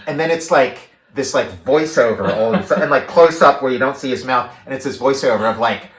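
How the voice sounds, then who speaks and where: A man's voice: medium pitch, brisk, few pauses. Rambling man in a roomy room. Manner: rambling, many likes and restarts, animated when paraphrasing. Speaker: podcast co-host. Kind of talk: casual movie discussion. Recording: roomy echo.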